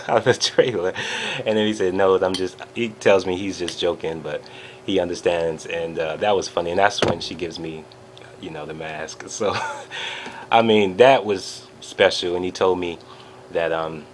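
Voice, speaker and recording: A man vlogging an excited personal recap, telling a story with lots of fillers and acting out the quotes. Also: low voice, moderate pace, a little hiss or hum.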